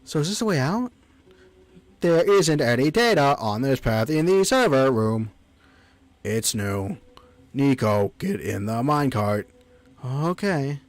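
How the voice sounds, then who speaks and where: A man's voice: medium pitch, sing-song, measured pace, long pauses, dry recording. A man streaming a game, chatting casually and reading the on-screen text aloud. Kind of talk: casual gameplay commentary.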